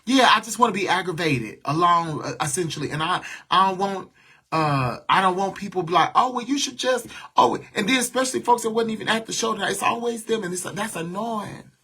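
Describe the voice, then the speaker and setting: A man's voice: high voice, brisk, bright, forceful tone, slightly rough. A man venting to viewers on a livestream, blunt and talking back to their comments. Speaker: livestream host.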